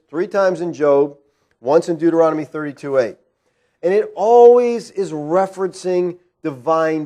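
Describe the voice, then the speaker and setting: A man's voice: fairly high pitch, a little mellow. A man preaching an expository sermon in a church, conversational and full of rhetorical questions, often checking in with "all right?". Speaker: pastor. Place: church sanctuary.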